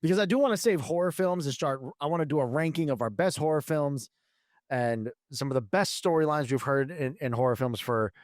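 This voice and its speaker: A man in his thirties co-hosts a casual podcast in a fairly high voice. He rambles, restarts his sentences and swears freely, with a dry close-mic sound. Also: brisk, no room sound. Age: 30s. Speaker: podcast co-host. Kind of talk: casual chat.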